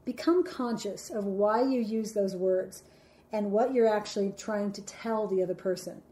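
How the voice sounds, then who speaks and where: A woman's voice: mid-range voice, moderate pace, mellow. A woman giving an instructional talk, explaining step by step and acting out her examples with dramatic flair.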